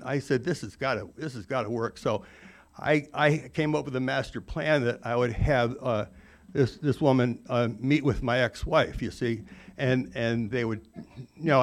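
A man in his forties telling a rambling, self-mocking personal recovery story, full of "you know" asides. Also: mid-range voice. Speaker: recovery speaker.

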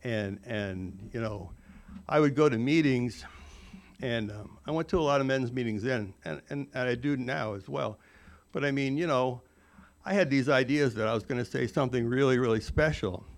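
A man's voice: medium pitch, normal speed. A man in his forties telling a rambling, self-mocking personal recovery story, full of "you know" asides. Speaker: recovery speaker.

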